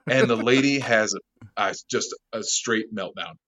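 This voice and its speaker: A man guest in an interview, a bar manager telling a rowdy story, animated, laughing often and swearing freely. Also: fairly low pitch, unhurried. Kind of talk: casual storytelling.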